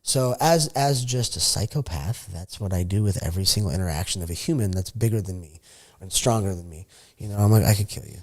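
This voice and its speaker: A man with a fairly low voice speaks into a studio podcast mic, chatting loosely as a guest. He swears freely and acts out the story, swinging his pitch and loudness up and down. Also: brisk, hardly any pauses. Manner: profane, animated, acts out quotes with big pitch and volume swings. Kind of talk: casual storytelling chat.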